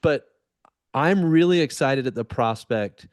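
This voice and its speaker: A man co-hosting a podcast, speaking in a thoughtful, measured way with small restarts. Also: medium pitch, expressive, dry recording, clean studio sound. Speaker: podcast co-host. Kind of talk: casual podcast conversation.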